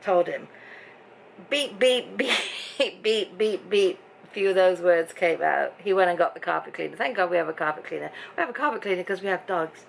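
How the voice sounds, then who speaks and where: A middle-aged English woman from Britain talks to camera in a casual vlog from her home bedroom, telling a story in a chatty, exasperated way. Her lowish voice is fast and creaky with few pauses, and the rough recording has a little hiss or hum.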